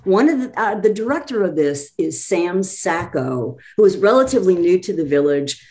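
A woman's voice: on the low side, big pitch swings, warm tone. A woman chatting eagerly as a guest about a community theater show. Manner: enthusiastic, talks quickly in bursts. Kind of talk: casual chat.

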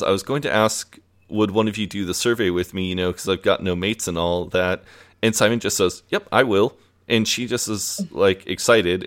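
A man co-hosting a podcast, retelling a TV episode in a loose, chatty way with plenty of fillers. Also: deep voice. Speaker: podcast co-host. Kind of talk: casual episode recap.

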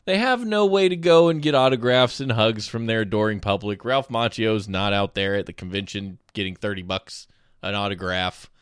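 A man's voice: lowish voice, normal speed, smooth, dry recording, clean studio sound. A man hosting a comedic news podcast, talking casually with goofy, rambling asides and playful jokes. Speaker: podcast host.

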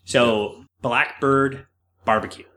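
A man from Quebec co-hosting a casual podcast, telling animated stories, acting out quotes and swearing freely. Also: mid-range voice, slow pace. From Quebec, Canada. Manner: animated storyteller, acts out quotes, swears a lot. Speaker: podcast co-host. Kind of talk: casual chat.

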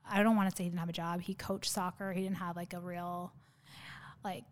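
A woman's voice: lowish voice, little pitch movement, a little fast, slight background noise. A woman in her thirties, a podcast guest, telling a personal story in a nervous, rambling way with many fillers and restarts. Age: 30s.

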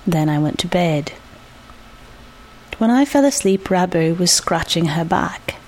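A woman reading a short story aloud, measured and reflective. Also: medium pitch, creaky, a little mellow. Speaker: narrator.

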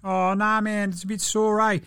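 A man's voice: high voice, flat delivery, normal speed, fairly bright tone, clean tone, faint music behind, pitched above the performer's own voice. A man putting on the voice of a sulky male basketball star, whining about a sore back. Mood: whiny. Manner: whiny, drawling, mock-pitiful.

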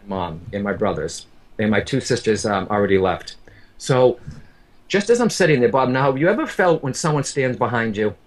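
A man's voice: mid-range voice, lively intonation, moderate pace. A man who works as a medium, telling an emotional personal story in an earnest way, often repeating himself and speaking straight to the listener. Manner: earnest, repeats words, addresses the listener directly.

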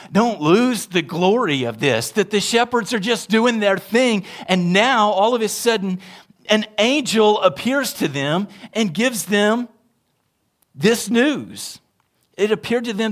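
A male pastor preaching with a fairly high voice for a man. His delivery is conversational and animated, with frequent questions tossed to the congregation. He shifts between loud, emphatic lines and low, quiet asides. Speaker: associate pastor. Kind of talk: sermon.

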